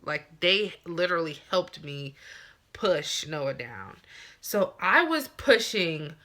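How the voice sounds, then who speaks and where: A young woman vlogger casually telling a personal story to the camera, chatty and animated, acting out what people said. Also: fairly low pitch, slow.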